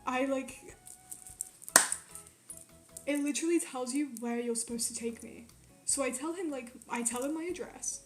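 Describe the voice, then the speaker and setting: High-voiced young woman telling a story. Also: moderate pace, long pauses, reverberant. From Quebec, Canada. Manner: animated, swears often, many "like" fillers. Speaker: streamer. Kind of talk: casual storytelling. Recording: faint music behind.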